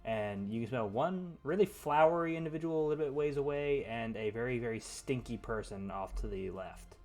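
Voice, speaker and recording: A man acting as game master, describing scenes and settling rules in a relaxed way. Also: medium pitch, a little fast, faint music behind. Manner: relaxed, rule-checking, descriptive. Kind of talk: running a tabletop game online.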